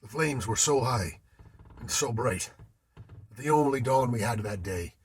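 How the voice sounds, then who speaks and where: A man spins a ghost tale in the manner of an old sailor at sea. His voice is gravelly and very husky, and it swoops widely in pitch. The dry, close sound keeps the theatrical telling intimate. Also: lively intonation, a little slow. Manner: old-time sailor's speech, theatrical delivery. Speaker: storyteller. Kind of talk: dramatic ghost story narration in character as an old sailor.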